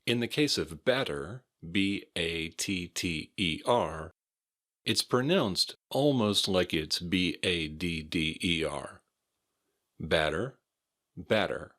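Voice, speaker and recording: Slow, deep-voiced American man teaching. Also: animated, sharp tone. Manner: repeats words deliberately and spells them letter by letter. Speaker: English pronunciation teacher. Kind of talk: slow, careful pronunciation drills.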